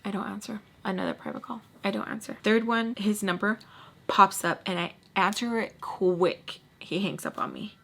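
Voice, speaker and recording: A woman's voice: mid-range voice, moderate pace, gravelly, fairly bright tone. A woman vlogger telling a personal story in a casual, candid way, dramatic and blunt, with frequent swearing.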